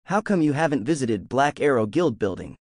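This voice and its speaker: A man's voice: mid-range voice, big pitch swings, brisk, dry recording, studio quality. A man voicing a cheerful, teasing young male guild friend in an audiobook.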